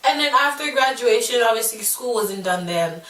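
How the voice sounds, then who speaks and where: A woman in her twenties from Nigeria, telling a storytime vlog in a sassy, animated way with lots of fillers. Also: fairly high pitch, moderate pace, distant mic. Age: 20s. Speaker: vlogger. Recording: echoey room, mic set back.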